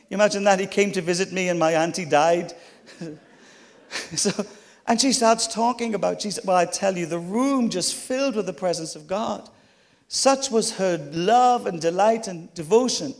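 A middle-aged man preaching a storytelling sermon, with chatty, humorous asides to the congregation. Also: high-pitched. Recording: long hall reverb.

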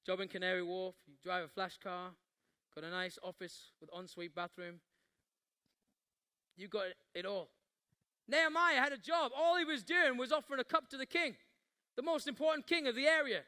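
A man's voice: very high voice, moderate pace, long pauses, sharp tone, clear, resonant tone. A man preaching a passionate sermon, acting out Bible scenes with rising intensity before leading the congregation in prayer. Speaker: pastor.

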